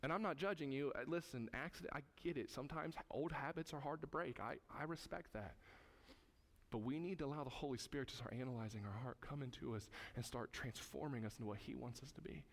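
A man's voice: medium pitch, fast talker. A man preaching as pastor, emphatic and repetitive, speaking directly to his congregation. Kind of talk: sermon.

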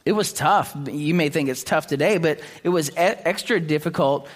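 A man preaching a sermon in an earnest way, often restarting his words and clearing his throat. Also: fairly high pitch, normal speed. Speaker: pastor.

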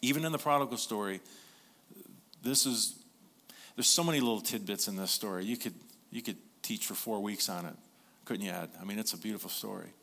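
Bright-voiced male pastor preaching. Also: lowish voice, brisk, vocal fry, long pauses. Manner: earnest, conversational preaching with repeated phrases. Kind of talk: sermon.

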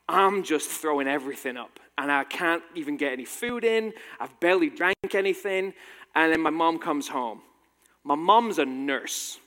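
In a talk recorded with long hall reverb, a thirty-something man with a British accent and a touch of American recounts a personal story. His voice is a little high with a fairly bright tone, and his humor is wry and self-deprecating.

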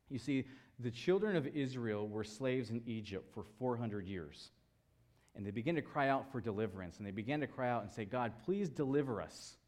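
A man in his thirties preaching a sermon as pastor, telling a story and acting out the people in it. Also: mid-range voice. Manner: storytelling, animated voices for quoted people.

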